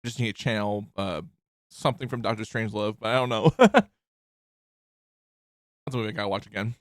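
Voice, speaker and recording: Chatty streamer man with lively pitch. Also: a little fast, no room sound, studio quality. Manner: chatty and rambling, laughs easily, reads game text aloud. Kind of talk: casual play-along narration of a visual novel.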